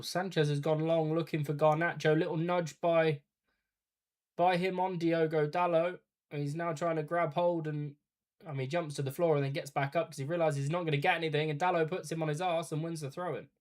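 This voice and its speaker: A man's voice: fairly high pitch, level tone, a little fast. Chatty man calling a live match. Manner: chatty play-by-play with asides to chat. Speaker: watch-party streamer.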